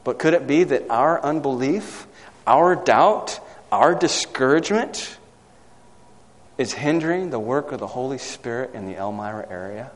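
A man preaching a sermon, asking the congregation questions and reading scripture aloud. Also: on the high side. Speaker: pastor. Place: church. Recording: church hall with long reverb.

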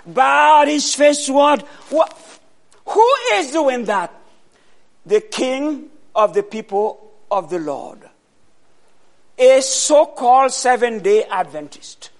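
A man preaching a sermon, asking the congregation questions and answering them himself, with loud bursts of emphasis. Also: very high-pitched, expressive, slow pace, vocal fry, long pauses.

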